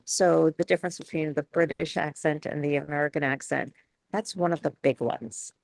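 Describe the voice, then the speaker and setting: A woman's voice: sits low, steady tone, normal speed, gravelly, a little mellow, dry recording. A woman from New York, a speech coach, leading a chatty webinar Q and A with many restarts and laughs.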